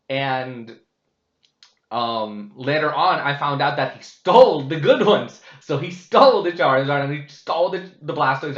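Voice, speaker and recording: A man rambles candidly through a casual vlogcast monologue, swearing freely and restarting his sentences. His voice is bright and forceful. The room sounds echoey and the recording a little dull. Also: medium pitch. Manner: profane, candid, heavy with fillers and restarts. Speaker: vlogcast host. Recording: roomy, slightly dull sound.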